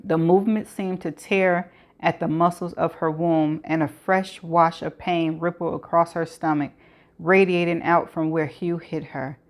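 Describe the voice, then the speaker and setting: A woman's voice: fairly low pitch, a little slow. Woman reading a thriller aloud. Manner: steady narration with occasional stumbles and restarts. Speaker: audiobook reader.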